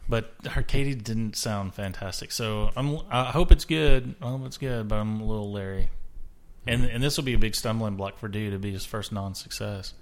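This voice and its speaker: A man's voice: lowish voice, steady tone, moderate pace. An American man hosting a casual podcast chat, talking in chatty asides. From United States. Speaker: podcast host.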